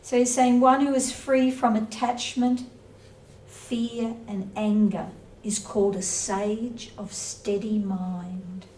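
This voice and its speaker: A woman's voice: mid-range voice, fairly even intonation, slow pace, warm tone. A woman giving a casual, conversational lecture on scripture, playfully acting out little everyday scenes. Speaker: spiritual teacher. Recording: roomy echo, from a distance, faint noise.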